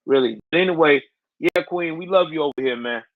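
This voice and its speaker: A man's voice: fairly high pitch, a little fast, no room sound, narrow, tinny audio. A man hosting a casual livestream, talking in loose slang and answering his viewers' chat. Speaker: livestream host.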